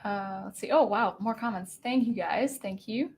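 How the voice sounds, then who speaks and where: A woman's voice: medium pitch, normal speed, gravelly, darkish tone, slightly rough. Young woman from washington rambling on a livestream, lots of ums and restarts, casual chatty host. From Washington state.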